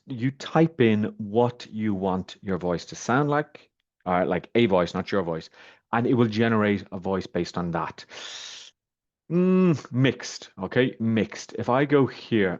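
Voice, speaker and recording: A man reviewing software over a screen share, talking casually and rambling with many fillers as he clicks around. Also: on the low side. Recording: slightly muffled, dull audio.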